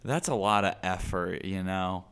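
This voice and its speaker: A man's voice: sits low, a little slow, fairly bright tone, clean tone. Jokey man riffing on a podcast. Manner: jokey, riffing, swears now and then. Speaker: podcast co-host. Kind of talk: casual comedic chat.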